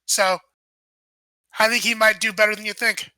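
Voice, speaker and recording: Boastful male crime boss with a bright, dry sound, played by a woman. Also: mid-range voice, little pitch movement, moderate pace, dry recording, lightly acted.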